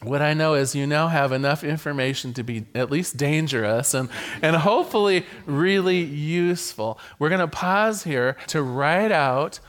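A man preaching a sermon to his congregation as their minister, playful and animated, sometimes stumbling over a word and starting the phrase again. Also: a little high, moderate pace. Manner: animated, playful, with repeated stammered restarts.

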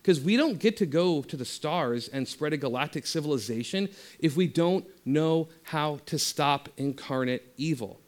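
Man, spiritual teacher; passionate talk with soft, slow guided-meditation passages. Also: fairly high pitch, expressive.

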